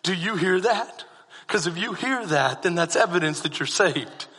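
A male pastor with a high, sharp voice and a husky edge delivers a sermon built on personal storytelling. He drops to hushed tones and then rises to fervent shouts. His voice rings with long reverb through a church hall. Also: animated, normal speed.

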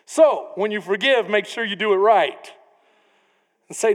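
A man preaching a sermon as pastor, animated, often acting out the people in his story. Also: sits high, measured pace. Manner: animated preaching, acts out quoted voices. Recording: long reverb of a church hall.

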